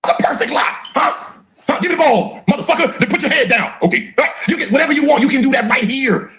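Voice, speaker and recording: A middle-aged man with a high, lively, bouncing voice mocks a play in casual commentary. He laughs a lot and keeps prodding with "huh?". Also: quick pace. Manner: teasing, laughs often, repeats "huh?". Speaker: podcast co-host reacting to clips.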